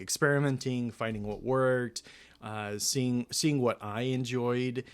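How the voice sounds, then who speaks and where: A young man hosts a relaxed podcast chat at a middling pitch, rambling through his thoughts with plenty of restarts. He pokes fun at himself and breaks into laughter now and then. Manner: rambling, self-deprecating, laughs often. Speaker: podcast host. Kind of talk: casual chat.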